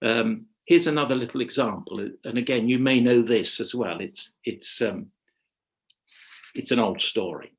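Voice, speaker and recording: A man leading a webinar workshop on writing radio drama. He talks in a measured, reflective way and often pauses to rephrase. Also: mid-range voice. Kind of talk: webinar lecture. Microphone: video call.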